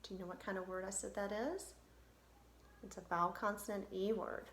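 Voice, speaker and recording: A woman's voice: medium pitch, steady tone, a little fast, roomy sound, slight background noise. A woman teaching an online phonics lesson, patiently sounding out letters step by step.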